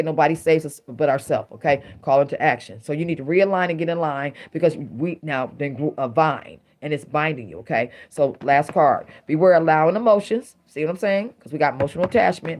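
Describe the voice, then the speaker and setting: Preachy middle-aged tarot reader. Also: mid-range voice. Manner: rhyming catchphrases, emphatic, preachy. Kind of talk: casual tarot reading to viewers.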